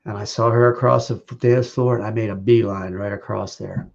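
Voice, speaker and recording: A man with a gravelly, creaky voice tells personal stories at a memorial, stopping and restarting his phrases with small laughs in between. He speaks over a video call, and the audio is dull and lo-fi. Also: fairly low pitch, fairly even intonation, brisk. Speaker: speaker giving a eulogy.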